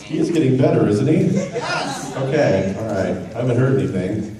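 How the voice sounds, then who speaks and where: A middle-aged voice actor with a mid-range voice talks animatedly at a moderate pace, joking with a convention audience and wandering off on tangents in casual panel talk. He's recorded from far off in a large, echoey convention hall, with audience laughter and crowd noise around him.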